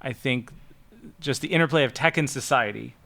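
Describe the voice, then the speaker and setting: A man appearing as a guest on a tech roundtable, speaking in a measured, earnest way and restarting his sentences now and then. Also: mid-range voice, vocal fry, bright, forceful tone. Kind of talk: casual roundtable chat.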